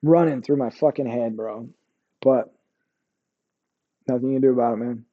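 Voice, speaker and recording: A man, an army veteran, telling combat stories in a candid interview, profane and halting, often restarting and dropping his voice on painful memories. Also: medium pitch, highs cut off.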